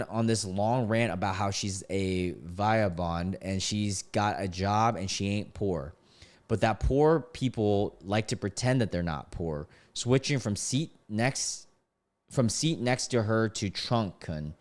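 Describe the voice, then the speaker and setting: A man's voice: lowish voice, unhurried. A young man streaming live, reading stories aloud and reacting with frequent exclamations and laughter. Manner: excitable, laughs and exclaims often.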